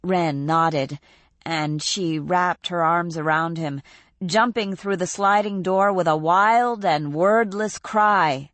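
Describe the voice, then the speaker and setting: Woman reading an audiobook, slow and steady, lowish voice, dry close mic. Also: no room sound. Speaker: audiobook narrator. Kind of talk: scripted narration.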